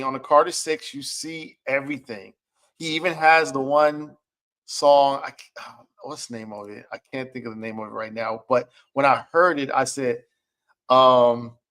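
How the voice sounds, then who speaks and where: A man's voice: mid-range voice, a bit bright. A middle-aged man, a music producer, giving casual commentary, chatty and often checking in with "okay?". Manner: chatty, repeats "okay?" to check in with listeners, acts out quotes.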